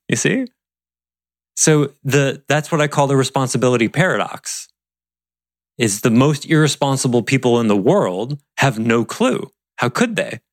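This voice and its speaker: A man's voice: a little high, no echo, clean studio sound. A man giving a reflective talk on personal growth, conversational, asking rhetorical questions and acting out what others might say. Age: adult past his younger years. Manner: conversational, rhetorical questions, acts out quoted voices.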